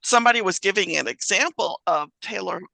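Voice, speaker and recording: A woman's voice: mid-range voice, expressive, fairly quick, vocal fry, bright, forceful tone, no room sound, poor audio. A woman hosting her podcast in casual chat, rambling and often restarting her sentences. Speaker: podcast host.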